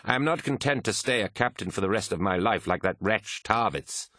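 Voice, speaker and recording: A man voicing an ambitious, scheming male warrior who speaks in a smooth, persuasive way, in an audiobook reading. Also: fairly low pitch, expressive, brisk, bright, forceful tone, no room sound, clean studio sound, pitched above the performer's own voice. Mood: bitter ambitious.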